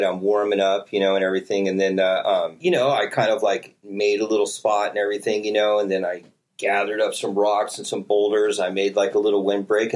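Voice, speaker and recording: A man telling a long story in casual talk, swearing often and acting out what people said. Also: on the low side. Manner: animated, profane, acts out quotes with voices. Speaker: podcast guest telling a story.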